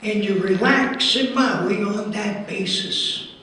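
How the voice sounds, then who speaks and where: Man impersonating a wry veteran comic; high-pitched, echoey conference hall, off-mic. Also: slow pace, bright, forceful tone, heavily acted. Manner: sardonic, rhythmic build-ups of lists. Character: older male stand-up comic, wry and ranting. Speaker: comedian doing an impression at a conference. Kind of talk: stand-up impression. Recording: echoey hall, heard from far off.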